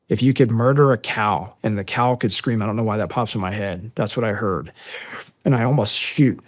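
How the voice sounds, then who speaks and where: A middle-aged man, a podcast guest, tells an emotional war story in halting, profane bursts, choking up until he is near tears. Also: lowish voice. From United States.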